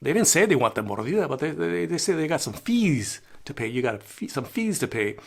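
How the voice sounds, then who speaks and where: A man's voice: on the high side, big pitch swings, fairly quick, gravelly. An older man telling rambling travel stories in a casual vlog, chuckling and dropping in Spanish phrases. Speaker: travel vlogger. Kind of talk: casual storytelling monologue.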